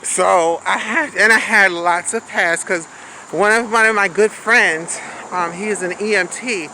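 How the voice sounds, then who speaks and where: A woman's voice: mid-range voice, measured pace, sharp tone, a little hiss or hum, low-quality recording. A woman telling a candid, sassy storytime in a casual vlog, recorded outdoors on a city street with a handheld phone. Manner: candid, sassy, says "honey" and "baby". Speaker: vlogger.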